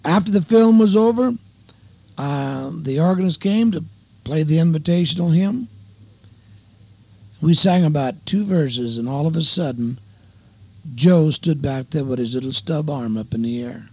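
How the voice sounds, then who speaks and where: A man's voice: a little high, measured pace, vocal fry, long pauses, warm tone, slightly rough, dry recording. Older evangelist man, folksy radio sermon. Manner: folksy testimony, addresses listeners as beloved and dear friends. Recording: dull lo-fi radio broadcast.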